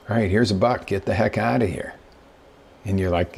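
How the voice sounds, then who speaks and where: A man's voice: lowish voice, moderate pace, gravelly, husky. A middle-aged man hosting a show as a business coach, telling stories in a casual motivational talk and acting out the quotes. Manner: conversational storyteller who acts out quotes.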